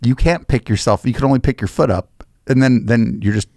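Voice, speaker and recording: A man hosting a casual panel podcast, rambling and joking with quick asides. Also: medium pitch, darkish tone, dry recording, studio quality. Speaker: podcast host.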